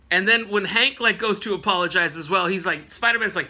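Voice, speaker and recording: A bright, high-pitched man talks through a comic book issue in a loose, casual way. He is animated and jokey, laughs often, and keeps tossing in playful asides. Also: a little fast, few pauses. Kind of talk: casual recap with playful character voices.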